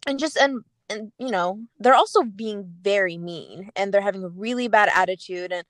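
A woman's voice: medium pitch, moderate pace, a bit bright, a little hiss or hum. A young woman from a Kurdish family in America, co-hosting a casual chat and telling a personal story with many fillers. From Kurdish family living in America.

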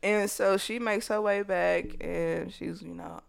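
A woman recapping a movie in casual chat, telling it bluntly with lots of swearing and animated storytelling. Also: medium pitch, slow pace, creaky.

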